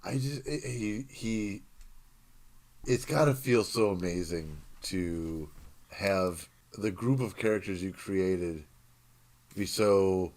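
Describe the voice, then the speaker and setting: Easygoing young man, quick agreeable chatter. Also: sits low, darkish tone. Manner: agreeable, chimes in with quick yeahs. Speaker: podcast co-host. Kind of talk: casual movie chat.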